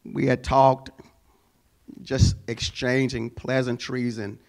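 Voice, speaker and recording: A man's voice: mid-range voice, flat delivery, takes it slowly. A male pastor preaching a sermon, telling a personal story and building to emphatic exhortation.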